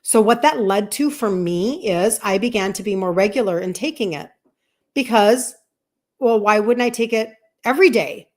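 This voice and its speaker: This health coach, a woman in her fifties, speaks at a normal pace in a mid-range voice. She's on a live stream sharing a personal story, lively and conversational, voicing parts of the dialogue herself.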